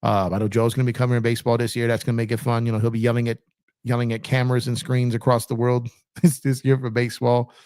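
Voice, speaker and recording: A man's voice: mid-range voice, flat delivery, quick pace, a little mellow, smooth, no room sound, studio quality. A man hosting a casual sports livestream, talking in a laid-back, rambling way with lots of fillers and repeated phrases. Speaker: sports channel host.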